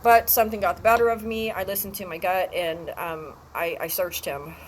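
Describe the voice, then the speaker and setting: A woman vlogging alone, telling a personal story in a halting way with many pauses and restarts. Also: fairly low pitch, fairly even intonation, a little hiss or hum, rough recording. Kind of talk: emotional personal vlog.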